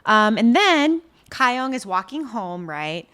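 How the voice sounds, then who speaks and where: A woman's voice: fairly high pitch, slow pace, smooth. A woman co-hosting a podcast, recapping a drama in casual chat and acting out the characters' lines. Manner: animated, acts out characters' lines. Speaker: podcast co-host.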